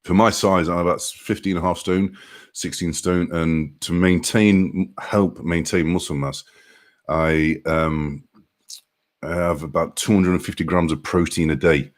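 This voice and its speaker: A man's voice: deep voice, fairly even intonation, measured pace. A man, casually chatting on a live stream and greeting viewers by name in an upbeat way.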